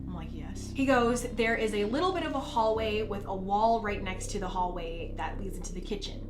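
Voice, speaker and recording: A woman's voice: mid-range voice, normal speed, music in the background. A young woman telling a story casually, full of "like" fillers. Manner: chatty, filler-heavy, animated storytelling. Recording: echoey room with faint ambience.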